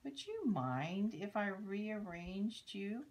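A woman voicing a polite, admiring male hermit crab in a storybook read-aloud, asking slowly and courteously. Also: medium pitch, very animated, pitched above the performer's own voice. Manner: slow, gentle, courteous asking.

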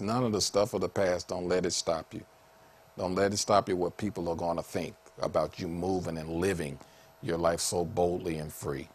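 A man a sermon with a fairly low speaking voice. He talks in an animated way, laughs often and breaks into high, excited calls. His delivery swings between quiet, earnest stretches and loud, joyful peaks. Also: husky. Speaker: preacher.

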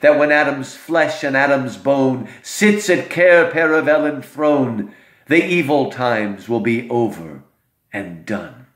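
A man voicing an excitable, kindly male talking beaver, eager and emphatic, his voice jumping up to near-shouts. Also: mid-range voice, slow. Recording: roomy echo.

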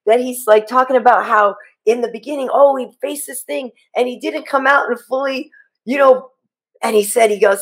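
Woman host, chatty storyteller, laughs through anecdotes, slightly high voice. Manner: laughing storyteller, quick and animated. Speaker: podcast host and sports anchor. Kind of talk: casual chat.

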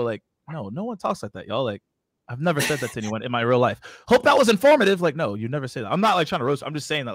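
Fast-talking excited man coaching. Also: fairly high pitch, no echo. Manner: fast, excited, laughs often, addresses audience as y'all. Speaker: webinar host. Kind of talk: energetic sales coaching talk.

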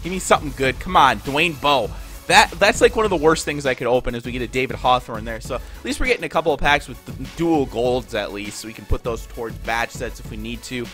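Opening video game card packs, this nasal, stuffed-up Minnesota YouTuber talks casually to his audience. He speaks fast in a mid-range voice that sounds pushed and bright, over quiet background music.

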